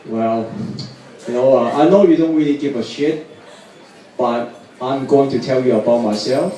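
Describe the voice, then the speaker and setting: A man in his twenties doing a stand-up set, deadpan and self-mocking, with lots of "you know, uh" fillers. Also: medium pitch, moderate pace. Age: 20s. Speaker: stand-up comedian. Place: hotel pub venue, indoors, live audience. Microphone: far audience camera. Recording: echoey room, far mic, crowd noise.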